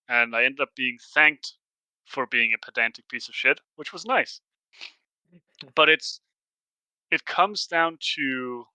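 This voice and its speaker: A man's voice: medium pitch, bright, forceful tone, clear, resonant tone, no echo, rough recording. A man with a Danish accent chatting casually as a guest on a podcast, talking things through step by step. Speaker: podcast guest, Commander player.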